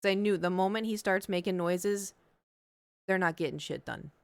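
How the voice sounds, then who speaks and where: A woman's voice: mid-range voice, normal speed, clear, resonant tone, dry recording. A woman streamer telling a story in casual chat, rambling with lots of fillers.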